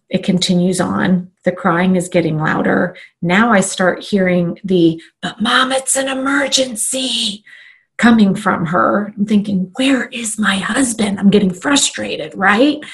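Animated woman telling a personal story. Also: mid-range voice, gravelly. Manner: animated, acts out her inner thoughts. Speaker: live online trainer.

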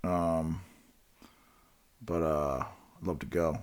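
A man's voice: rumbling low, steady tone, slow. A man in casual chat, rambling through his thoughts and asking questions. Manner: rambling, many fillers and restarts, asks questions. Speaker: conversation partner.

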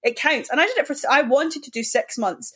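A woman's voice: sits high, expressive, brisk, fairly bright tone. A woman co-hosting a podcast, telling open, rambling personal stories in casual chat. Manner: open, confiding, rambling storytelling. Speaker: podcast co-host.

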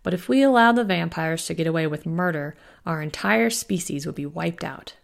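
Woman reading as a gruff old werewolf alpha. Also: lowish voice, animated, normal speed. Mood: stern. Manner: suspicious, stern. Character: older male werewolf alpha, gruff farmer.

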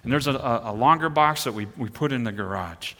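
A middle-aged man preaching a sermon, telling a personal story in an animated way and pushing harder at the exciting moments. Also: medium pitch, brisk, long reverb tail. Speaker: pastor.

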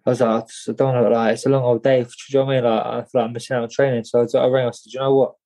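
A man's voice: mid-range voice, flat delivery, rapid-fire, mellow, rough recording. A young man, telling a story as an interview guest in a rambling, slangy way, often repeating his words. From England. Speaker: guest, boxer.

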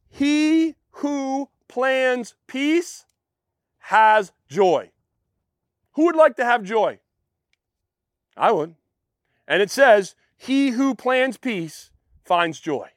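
A man with a high voice preaches a sermon, telling a story and acting out people's lines. His voice is recorded dry and close, with no room sound. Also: no room sound. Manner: storytelling, acts out quotes, asks the audience questions. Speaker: pastor.

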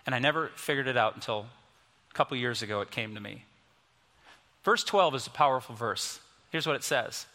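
A man in his fifties preaching a sermon, storytelling and moving between soft, quiet passages and emphatic ones. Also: medium pitch, big pitch swings, moderate pace. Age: 50s. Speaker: pastor. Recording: music under voice, long reverb.

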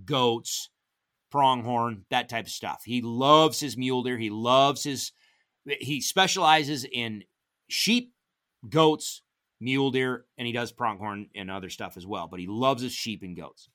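Hunting tales come from a middle-aged man appearing as a podcast guest, told in a relaxed, lively way. Quoted dialogue gets acted out with dramatic pitch jumps.

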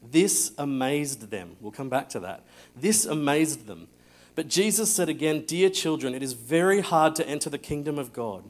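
A man preaching a sermon with a somewhat high voice. He tells the story with energy and acts out the voices. Then he drops to a quiet hush for the key lines. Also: moderate pace. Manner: animated storytelling, acting out scripture voices, often dropping to a hush. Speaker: pastor.

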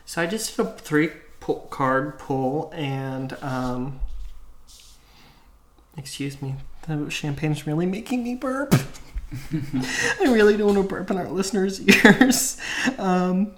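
A man's voice: fairly high pitch, animated, slow pace. A man co-hosting a casual podcast, chatty and joking with plenty of um fillers. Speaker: podcast co-host.

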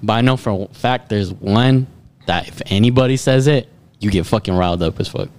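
A man's voice: fairly low pitch, fairly quick. A young man co-hosting a podcast, joking and swearing as he tells stories about friends. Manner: animated, joking, profane. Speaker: podcast co-host. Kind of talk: casual chat.

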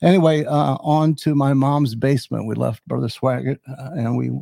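A man's voice: medium pitch, flat delivery, moderate pace, gravelly, dark tone, no room sound. A man in his seventies, a podcast host, telling his life story in a rambling way with many fillers and restarts. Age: 70s. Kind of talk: personal storytelling.

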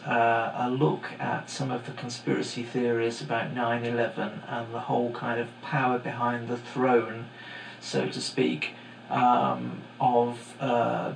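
A middle-aged man rambles through a podcast monologue in a gravelly voice, full of fillers and digressions. His voice echoes in the room, and a faint hum sits underneath. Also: mid-range voice. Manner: casual, digressive, many fillers. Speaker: podcast host and teacher. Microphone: home microphone.

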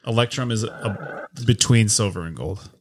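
A man's voice: on the low side, moderate pace. A man playing a tabletop game with friends, crude and joking. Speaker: player. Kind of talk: casual tabletop game banter.

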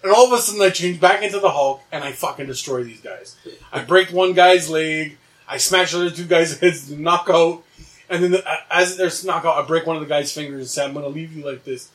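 A man's voice: a little high, fairly quick, fairly bright tone, recorded from a distance. A young man animatedly telling a wild dream story in casual chat, swearing and laughing as he goes.

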